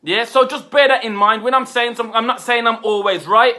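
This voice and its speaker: Fuming high-voiced man venting. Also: steady tone, brisk, bright, forceful tone. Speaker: football fan reviewer. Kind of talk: angry fan rant.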